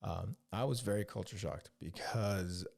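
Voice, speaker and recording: A man's voice: fairly low pitch, a little slow, vocal fry. A man hosting a podcast, rambling through casual profane stories about his Army days and acting out the other people's lines. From California. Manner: profane, rambling, with animated quoted dialogue. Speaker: podcast host; Army veteran. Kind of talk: casual solo storytelling.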